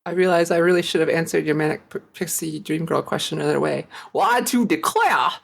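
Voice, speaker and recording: A woman co-hosts a podcast in loose, casual chat, dropping quick asides and laughing easily. Her voice is fairly low with a strong gravelly fry. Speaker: podcast co-host.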